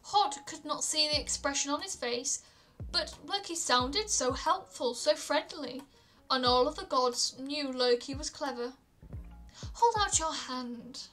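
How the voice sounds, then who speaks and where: A woman reading myths aloud on a stream, calm, with small stumbles and restarts. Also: high voice, measured pace, faint music behind. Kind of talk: storytelling read-aloud.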